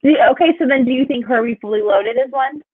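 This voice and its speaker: A woman's voice: sits high, breathy edge, dry recording. Giggly young woman on a phone line. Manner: giggly, quick to agree. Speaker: co-host. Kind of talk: casual sports talk.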